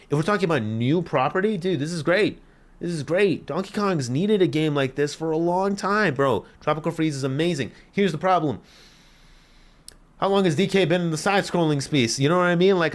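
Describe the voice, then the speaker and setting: A young man reacting to a game trailer in casual commentary, excitable and slangy, swearing freely. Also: medium pitch. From Canada. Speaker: gaming YouTuber.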